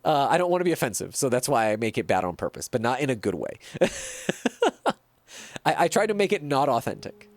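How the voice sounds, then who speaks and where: A man's voice: mid-range voice, big pitch swings, normal speed. A man streaming a video game, chatting casually and reacting to viewer messages. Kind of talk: casual gameplay livestream chat.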